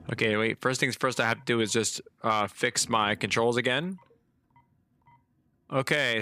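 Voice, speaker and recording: A man's voice: medium pitch, bright, forceful tone, no echo. A man streaming a game live, chatting casually and reacting with surprise as he plays. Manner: chatty, easily surprised, talks to chat. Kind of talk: live gameplay commentary.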